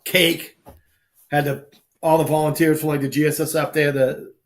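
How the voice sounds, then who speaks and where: A man's voice: on the high side, moderate pace. A man from Boston hosting a casual talk show, telling stories with a lot of slang and acting out the dialogue. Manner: animated, acts out quoted dialogue, salty slang. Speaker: show host. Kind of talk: casual storytelling chat.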